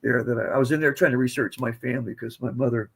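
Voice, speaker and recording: Quick and husky, with a medium pitch and fairly even intonation, this American podcast guest in his seventies drifts through digressive stories in a relaxed, casual way.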